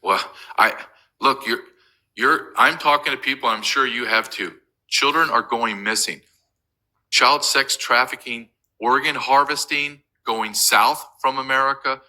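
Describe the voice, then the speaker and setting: A man's voice: medium pitch, measured pace, sharp tone, rough recording. A man as an interview guest, talking urgently and emphatically, with frequent restarts. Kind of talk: impassioned remote interview.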